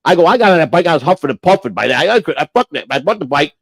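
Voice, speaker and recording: A man's voice: on the high side, animated, rapid-fire, dry recording. A middle-aged man from Chicago telling a rambling, profane story on a livestream, acting out what others said. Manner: profane, rambling, acts out quoted voices. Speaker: livestream host. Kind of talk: casual storytelling.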